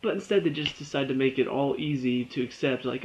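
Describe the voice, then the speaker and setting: A man's voice: medium pitch, quick pace. A young man giving a casual spoken review of a TV episode, chatty and often exasperated. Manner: chatty, exasperated, rising to animated complaint. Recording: dull lo-fi recording.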